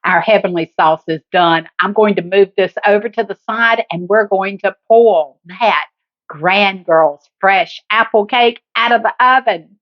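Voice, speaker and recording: On a muffled recording, a medium-pitched woman with a Southern US accent hosts a home cooking show from her kitchen. She's chatty and homey, talking directly to viewers and calling them "guys" and "honey."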